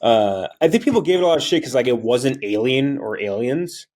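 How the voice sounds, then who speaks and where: A man's voice: mid-range voice, expressive, a little fast, darkish tone. A man co-hosting a casual movie podcast, talking with enthusiasm and swearing freely. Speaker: podcast co-host.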